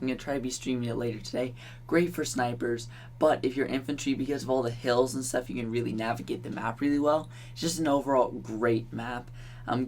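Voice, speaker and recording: A man's voice: medium pitch, slight background noise. A young man from Canada hosting a gaming channel, talking through game content in a chatty, offhand way with ums and little laughs. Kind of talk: casual gaming commentary.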